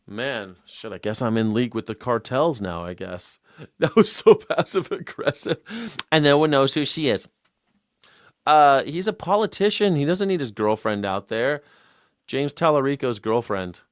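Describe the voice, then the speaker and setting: Sarcastic host swearing, mocking the news. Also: male voice, medium pitch, clean tone, dry recording, clean studio sound. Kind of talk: live news reaction.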